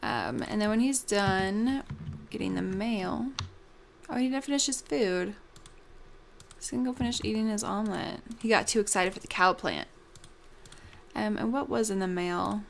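A woman's voice: mid-range voice, lively intonation, moderate pace, gravelly, long pauses, slight background noise. A young woman hosting a casual gameplay commentary, bubbly and gushing, with lots of ums. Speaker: let's play host.

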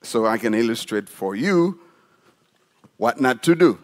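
A man preaching a sermon as pastor in a church, animated and demonstrative, putting questions to the congregation. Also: medium pitch, unhurried. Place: church sanctuary.

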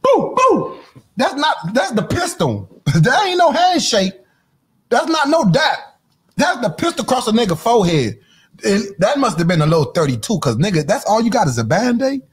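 A man hosting a podcast, delivering a loud comedic rant, mocking, repeating catchphrases and laughing often. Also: extremely high pitch, sing-song, moderate pace, husky. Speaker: podcast host.

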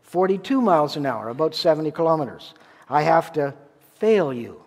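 A man playing a calm, matter-of-fact male driving examiner in a sermon story, in a reverberant church. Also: on the high side, normal speed. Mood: stern.

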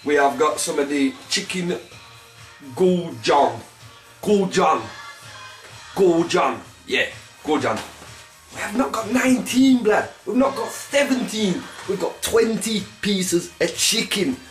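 A man hosting a comic cooking demonstration in swaggering street slang, with a pitch that keeps jumping around. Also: lively intonation, unhurried. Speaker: comic cooking show host. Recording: echoey room, mic at a distance, faint music.

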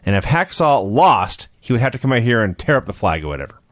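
A man's voice: mid-range voice, sing-song, fast talker, no room sound. A man co-hosting a casual podcast, retelling events in a storytelling way and laughing often. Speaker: podcast co-host. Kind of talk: casual wrestling recap chat.

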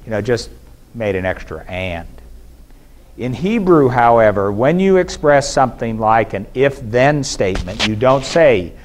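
A man giving a measured, explanatory academic lecture at a conference, pausing now and then with fillers and restarts. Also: mid-range voice, sing-song. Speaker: scholar giving a conference presentation. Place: conference hall.

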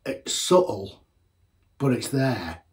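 In a casual beer-tasting vlog, a homebrewer reviews beers in a mid-range, animated but slow voice. His talk is chatty and rambling, and he often corrects himself mid-sentence.

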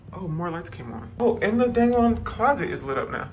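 A man's voice: sits high, big pitch swings, normal speed, a little hiss or hum. A man giving a casual, gushing vlog tour of a hotel room, chatting to viewers and exclaiming over every detail. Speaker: travel vlogger.

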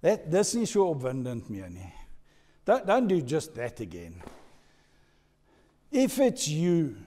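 A male pastor preaching a sermon, dropping to a hush and then rising to loud emphasis. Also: mid-range voice, huge pitch swings, normal speed. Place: church hall. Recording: echoey church hall.

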